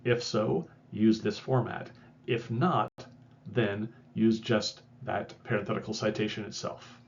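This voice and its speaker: A man's voice: fairly low pitch, steady tone, measured pace, slight background noise. Lo-fi male instructor, wry and chatty. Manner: conversational, self-correcting, wry asides. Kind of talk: recorded lecture.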